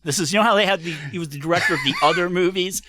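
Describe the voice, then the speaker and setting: A man on a comedy podcast, asking joking rapid-fire questions in casual chat. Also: high-pitched, sharp tone, no room sound. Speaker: podcast guest.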